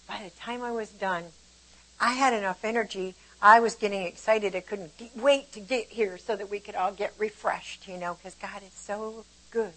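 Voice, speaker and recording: Older woman, Bible teacher, lively storyteller who laughs easily. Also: mid-range voice, poor audio. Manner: animated storytelling, laughs often. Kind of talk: informal sermon.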